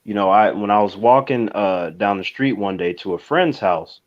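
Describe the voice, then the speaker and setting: A man on a casual panel show, telling stories in a relaxed way with some swearing. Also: fairly low pitch, moderate pace. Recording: dull lo-fi audio.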